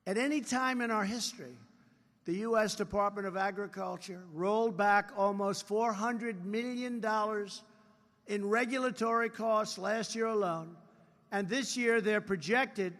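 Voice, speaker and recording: A man's voice: high voice, fairly bright tone. A man in his seventies giving a rambling political speech at a convention, repeating phrases and adding boastful asides. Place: large convention hall. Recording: hall reverb from live convention.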